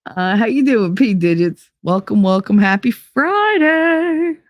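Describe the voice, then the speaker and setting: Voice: mid-range voice, measured pace, no echo, muffled recording. Chatty stream host. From United Kingdom. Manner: animated, chatty, sarcastic asides. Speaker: livestream podcast host. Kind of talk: casual chat reading live comments.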